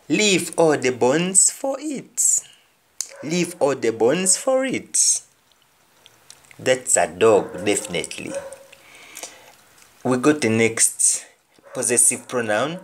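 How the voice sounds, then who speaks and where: Jamaican man, patient language teacher, unhurried delivery, repeats phrases for learners. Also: medium pitch, expressive, a little hiss or hum. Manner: repeats each phrase twice, then translates it. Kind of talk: slow explanatory lesson with repeated example phrases.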